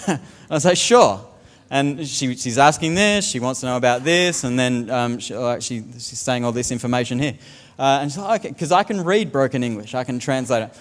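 Jovial preacher in an echoing hall. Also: male voice, medium pitch, moderate pace. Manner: humorous storytelling, mimics accents. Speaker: pastor. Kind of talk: sermon.

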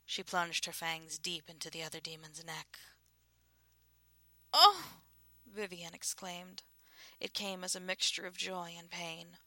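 A woman narrates a novel in a hushed, breathy voice that often slips into a half-whisper. Her pitch sits fairly low and flat, with a bright, forward edge to the tone. The sound is close and dry. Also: moderate pace, dry recording. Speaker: audiobook narrator. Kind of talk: scripted narration.

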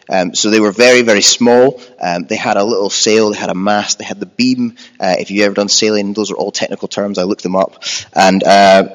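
A man, preaching a sermon in a relaxed storytelling way with self-deprecating humour. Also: fairly low pitch, big-room sound, poor audio. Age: 20s.

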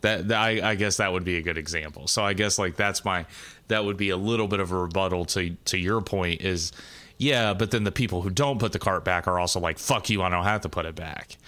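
This man's low voice is pushed and bright. As co-host of a casual conversation, he talks earnestly in a halting way, full of restarts and repeated words.

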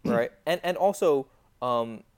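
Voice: mid-range voice, lively intonation, slow pace, a little mellow. A podcast co-host talking casually, with frequent restarts and fillers. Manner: hesitant, many restarts and "like". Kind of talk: casual hockey chat.

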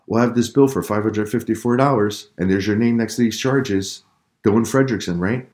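A strict father lays down the law in a firm, lecturing tone, as a man puts him on. The voice sits very low, close to the reader's own, in a storybook reading. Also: moderate pace, darkish tone, close to an everyday voice. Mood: stern. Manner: stern, lecturing. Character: stern father, strict and angry.

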